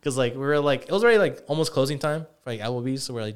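A man's voice: medium pitch, racing, smooth. A man in his twenties co-hosting a podcast, casually telling a story full of swearing and acted-out quotes. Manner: profane, animated, acts out quotes. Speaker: podcast co-host.

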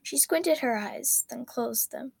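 A woman reading a story aloud in an expressive, dramatic way. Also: a little high, slow, vocal fry, slightly rough, no room sound.

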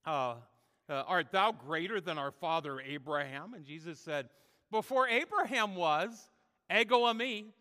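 A man's voice: a little high, lively intonation, moderate pace, bright, forceful tone. Guy pastor preaching in a church, lotta uh's, long reverb in the hall. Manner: emphatic preaching with frequent "uh" fillers. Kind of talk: sermon. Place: church sanctuary.

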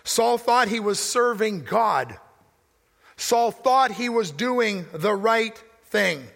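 Guy preaching in a big echoey church, bright gravelly voice, gets loud then goes real quiet. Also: high-pitched, animated, slow. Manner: emphatic preaching, swings from loud to hushed. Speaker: pastor. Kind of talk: sermon. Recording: long hall reverb.

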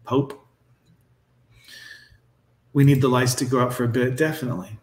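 A man's voice: medium pitch, little pitch movement, measured pace, a little mellow. A man in his forties hosting a casual reaction stream, talking in a blunt, sarcastic, profane way. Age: 40s. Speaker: streamer host reacting to videos. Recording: echoey room.

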